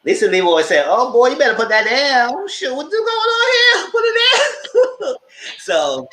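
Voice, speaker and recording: A man hosting a TV review show, recapping scenes in a lively, casual way and acting out people's lines in exaggerated voices. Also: roomy sound, a little hiss or hum. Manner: acts out quotes in exaggerated voices, squeals high.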